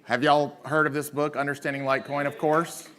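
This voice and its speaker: A man's voice: a little high, little pitch movement, fairly quick, fairly bright tone. A man from South Carolina with a Southern accent, emceeing a live conference with loose, teasing banter. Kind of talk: live stage hosting. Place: conference stage.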